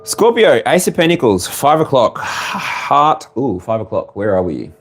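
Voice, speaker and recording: A man's voice: medium pitch, very animated, unhurried. A man with an Australian accent giving a live collective tarot reading, rambling and playful, drifting into humming and laughter. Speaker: tarot reader.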